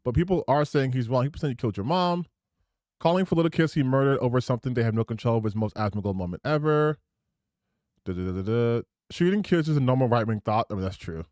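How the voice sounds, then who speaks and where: A man's voice: mid-range voice, lively intonation, fast talker, a little mellow, no echo. A man streaming reaction commentary over clips, indignant and sarcastic, swearing freely into a close desk mic.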